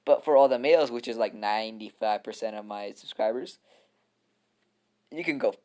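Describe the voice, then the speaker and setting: A man's voice: on the low side, moderate pace, a little mellow. A young man casually telling a fan story to his viewers, rambling, laughing often and swearing.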